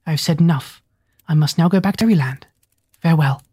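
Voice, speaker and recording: A reader voicing a parrot who pretends to be a fairy queen, speaking in a small, high voice with slow, solemn, old-fashioned phrasing. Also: dark tone, husky, no room sound, studio quality, close to an everyday voice. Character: parrot posing as a whispery, grand fairy queen.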